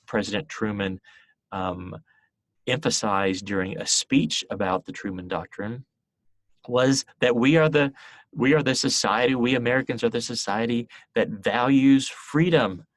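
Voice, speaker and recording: A middle-aged man with a fairly low voice delivers a history lecture to his class. He explains step by step, often pausing on fillers and restarting his sentences. The sound is dry, with no room echo. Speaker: history teacher.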